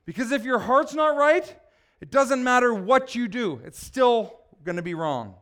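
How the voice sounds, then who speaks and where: High-voiced man preaching a sermon. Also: animated, unhurried, fairly bright tone. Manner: emphatic, asks the congregation questions. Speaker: pastor.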